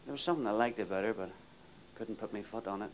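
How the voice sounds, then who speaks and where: A male comedian delivering deadpan one-liners. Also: lowish voice, fast, heavy background noise.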